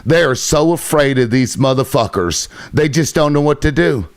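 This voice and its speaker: A man's voice: medium pitch, expressive, moderate pace. A man hosting a livestream, ranting with heavy swearing and sarcasm, irritated. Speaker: livestream host. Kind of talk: profane livestream rant.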